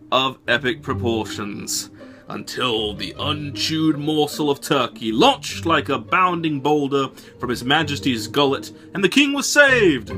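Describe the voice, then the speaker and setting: This storybook narrator is a man with a mock British accent, reading a game manual story in a swooping, theatrical style. He pitches his voice fairly high, with a sharp tone and a full character voice.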